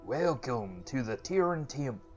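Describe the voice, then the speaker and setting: Brief: formal old-world game priest, lowish voice, game music under it , a man puts him on. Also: lively intonation, unhurried, darkish tone, highs cut off. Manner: archaic formal storytelling delivery. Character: formal gracious male temple priest.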